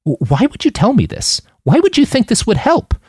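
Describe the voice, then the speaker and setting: A man's voice: very high voice, wildly swooping pitch, brisk, darkish tone, breathy edge, dry recording, studio quality, voice pushed up, exaggerated voice. A man voicing a nervous young man who stammers anxiously in a storybook reading. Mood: panicked. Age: young adult.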